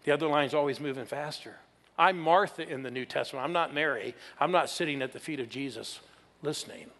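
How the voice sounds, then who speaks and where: A man's voice: fairly high pitch, a little fast, a bit bright. Sixty-year-old man preaching in a hall. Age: 60s. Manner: storytelling, playful with the audience. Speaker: pastor. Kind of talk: sermon.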